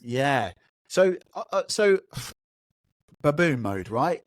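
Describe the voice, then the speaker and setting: A podcast host in his thirties tells stories in a casual chat, animatedly acting out the voices of the people in them. His fairly high voice moves extremely slowly, and the recording is dry.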